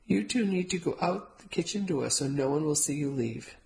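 A woman voicing a kind, wise elderly grandmother, who talks formally, gently and firmly. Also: sits low, animated, normal speed, creaky, poor audio. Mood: practical. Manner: formal, no contractions, gentle and firm.

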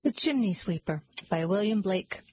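A woman reads stories and poetry aloud with a breathy, slightly husky voice. Her pitch sits in an ordinary middle range. She keeps her pacing measured and gentle throughout. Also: animated, rough recording. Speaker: storyteller. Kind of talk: reading stories and poems aloud.

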